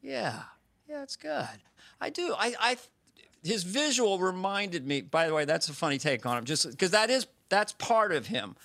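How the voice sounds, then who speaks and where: A man appearing as a comedian guest over a video call, chatting casually as a playful, animated storyteller. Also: high voice, moderate pace, gravelly. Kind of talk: casual talk show chat.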